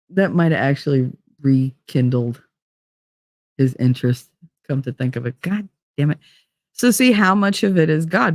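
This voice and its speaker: A woman's voice: low voice, no echo, studio quality. A woman hosting a podcast, chatting through a long personal story in a rambling way, full of "like" fillers. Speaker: podcast host. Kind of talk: casual storytelling monologue.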